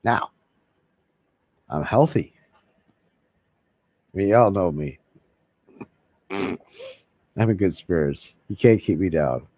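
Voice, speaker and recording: A man's voice: deep voice, expressive, slow pace, long pauses, darkish tone, dry recording. A man rambling casually to his viewers, swearing freely and chuckling between thoughts. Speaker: vlogger. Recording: dull lo-fi sound.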